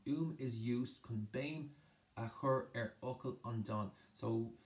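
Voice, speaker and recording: Irish man, teacher, gravelly voice, mid pitch, translating poem lines with restarts. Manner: switches between Irish and English, translating line by line with frequent restarts. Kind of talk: exam-prep lesson explaining a poem.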